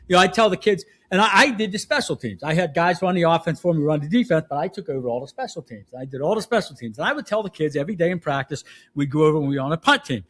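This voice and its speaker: An older man, a football coach telling stories on a podcast, laughing and acting out shouted quotes. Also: on the high side, animated, rapid-fire. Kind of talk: casual storytelling.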